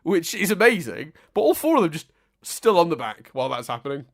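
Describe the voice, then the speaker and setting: Animated man ranting on a podcast. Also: fairly high pitch, brisk, creaky. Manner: animated, self-mocking, ranting. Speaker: podcast co-host. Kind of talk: casual chat.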